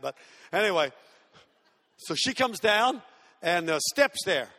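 Male preacher, very high and bright voice, animated storyteller, big hall reverb. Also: moderate pace. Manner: animated, acts out voices, self-mocking humor. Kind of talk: sermon with storytelling.

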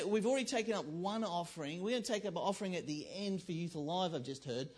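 A man's voice: high-pitched, breathy edge. A man giving a conversational sermon in a church, joking with the congregation and acting out the voices in people's heads. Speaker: pastor.

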